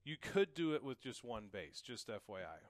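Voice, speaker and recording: A man's voice: mid-range voice, very animated, moderate pace, very noisy. A young man giving a casual, encouraging drum lesson, explaining each pattern and counting it aloud. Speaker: drum teacher. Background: drum kit.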